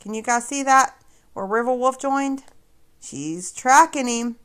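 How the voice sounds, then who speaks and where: A woman's voice: on the high side, a little slow. A woman hosting a casual livestream, talking straight to her viewers in a sarcastic, mocking way. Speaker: livestream host.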